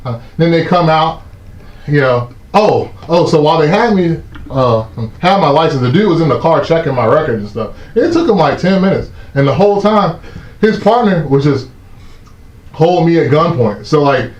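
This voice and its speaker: A man, hosting a live stream and telling a story in a casual, animated way, swearing often and acting out the shouting cops. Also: on the high side, moderate pace. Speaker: host of a live stream talk show. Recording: echoey muffled room sound.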